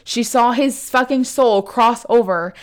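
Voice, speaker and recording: A woman's voice: a little high, a little slow. Young woman telling a profane story. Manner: profane, fillers of "like", lively quoting. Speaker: storyteller on a chat show. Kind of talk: casual storytime chat.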